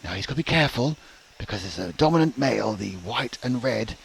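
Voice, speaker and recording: A man putting on the voice of a hushed nature documentary narrator, talking softly and with mock reverence. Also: mid-range voice, expressive, fast, gravelly, breathy edge, heavily acted, poor audio. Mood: hushed, mock-reverent.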